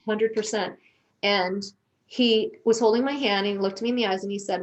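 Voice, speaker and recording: A woman's voice: medium pitch, fairly even intonation, moderate pace. A middle-aged woman, a guest on a conversational show, telling a personal story earnestly and emotionally, with frequent restarts.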